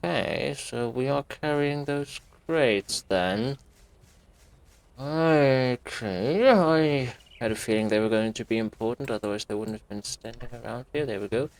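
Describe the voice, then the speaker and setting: A man giving let's play commentary on a horror game, thinking aloud in quiet asides and breaking into sudden swearing. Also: medium pitch, unhurried, creaky, no room sound. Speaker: gaming YouTuber.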